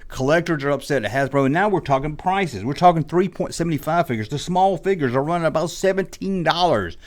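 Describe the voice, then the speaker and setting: A man's voice: on the high side, lively intonation, fairly quick. A man ranting in a rambling, exasperated monologue about the toy business, slipping into mock quotes. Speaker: toy collector YouTuber. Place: indoors, audio only.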